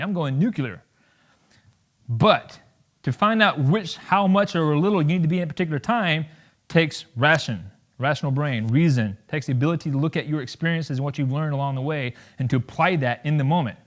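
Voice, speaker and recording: A man in his thirties speaks to a college audience in an animated, jokey way. His voice is a touch higher than most men's, and he keeps slipping into quick acted-out voices to make his points. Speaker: guest speaker. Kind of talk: campus talk to an audience.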